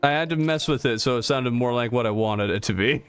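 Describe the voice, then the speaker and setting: A man's voice: medium pitch, a little fast, fairly bright tone, clear, resonant tone, faint music behind. A young man streaming a game live, chatting casually and reading chat aloud, a bit easily startled, on a desktop mic. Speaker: gaming streamer.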